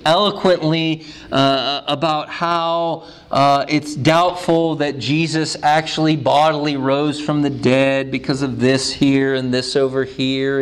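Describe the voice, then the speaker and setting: A man preaching a sermon, telling a story with emphatic pauses, then leading a prayer. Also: a little high.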